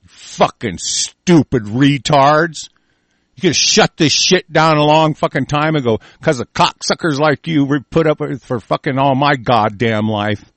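A man's voice: a little high, normal speed, few pauses, no room sound. A man from the United States hosting a show, angrily swearing and ranting about the news and stumbling as he reads headlines aloud. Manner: angry, swearing, shouting insults. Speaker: host. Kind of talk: profane ranting commentary on news.

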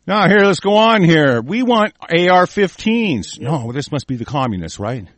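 A man's voice: a little high, sing-song, normal speed, hardly any pauses, no room sound. A man from the United States hosting a show, angrily swearing and ranting about the news and stumbling as he reads headlines aloud. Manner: angry, swearing, shouting insults. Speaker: host. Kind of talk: profane ranting commentary on news.

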